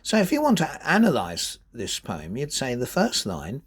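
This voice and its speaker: A man giving a spoken lesson on poetry, reading verse aloud and stressing syllables deliberately to show rhythm. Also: mid-range voice, wildly swooping pitch, husky. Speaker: poetry teacher.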